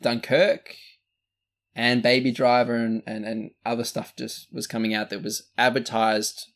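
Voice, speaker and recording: A man's voice: medium pitch, little pitch movement, measured pace. An Australian man co-hosting a casual podcast, rambling through a movie review with lots of fillers and restarts. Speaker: podcast co-host.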